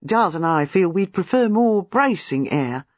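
A man reading a novel aloud, voicing a lively, inquisitive young woman in a raised tone. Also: sits high, moderate pace, no room sound, pitched above the performer's own voice. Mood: eager. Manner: bright, eager, rising tone. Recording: slightly muffled, dry.

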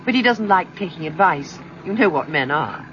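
A woman's voice: low-pitched, animated, moderate pace, slight background noise. Harriet Vane, a refined Englishwoman. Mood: polite, guarded. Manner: refined, clipped speech with nervous stammers. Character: poised young woman writer, wary and clever. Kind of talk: 1970s radio drama acting. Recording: dull lo-fi radio recording.

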